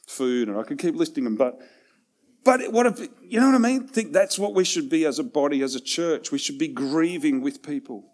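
A man preaching a sermon in a conversational way, with self-deprecating asides, swinging between loud and hushed passages. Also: on the high side, lively intonation, moderate pace. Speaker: pastor.

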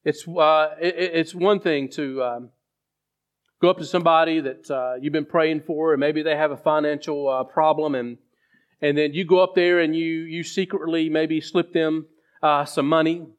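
A man's voice: fairly high pitch, steady tone, lo-fi sound. A man preaching a sermon as pastor, telling a story with frequent restarts. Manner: halting storyteller with many restarts.

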